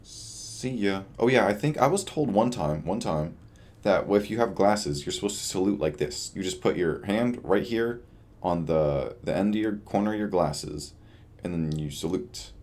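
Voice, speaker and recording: A young man with a very low, deep voice chats through a late-night video diary. He sounds tired and rambles, often trailing off with a shrug in his voice. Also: lively intonation, normal speed, a little mellow. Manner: rambling, self-deprecating, trails off. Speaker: vlogger.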